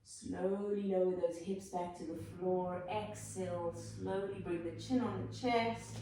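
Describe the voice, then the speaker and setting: A South African woman leading a yoga class, giving calm, encouraging cues and gentle options. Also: fairly low pitch, a little slow, few pauses, slight background noise. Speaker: yoga instructor. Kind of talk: guided yoga class instruction. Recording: very echoey room, from a distance.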